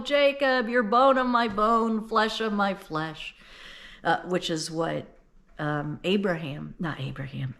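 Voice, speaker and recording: A woman's voice: on the low side, a bit bright. An older woman retelling a Bible story in a folksy, conversational way, then explaining its meaning earnestly. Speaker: Bible teacher.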